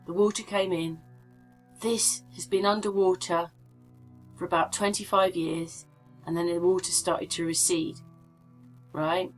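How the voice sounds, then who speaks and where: A woman's voice: fairly low pitch, fairly even intonation, a little slow, pauses often, poor audio. Chatty woman rambling over faint music. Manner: rambling, chatty, addresses viewers directly. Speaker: channel host. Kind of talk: casual screen-share commentary.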